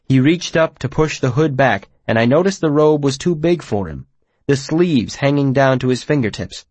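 A man reads first-person fiction in a measured, expressive manner. His pitch moves freely through each sentence. The sound is dry and close to the mic. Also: no room sound. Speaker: audiobook narrator.

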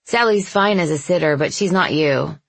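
A woman's voice: low voice, normal speed, creaky, dry recording. A woman voicing a tired, guarded young mother. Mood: tired casual. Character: weary injured young mother, brisk and guarded.

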